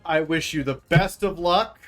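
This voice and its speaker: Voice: medium pitch, normal speed, a bit bright, faint music behind. Playful streamer hosting a strategy game. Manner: playful, jokey, bursts into laughter. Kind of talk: casual multiplayer strategy game chat.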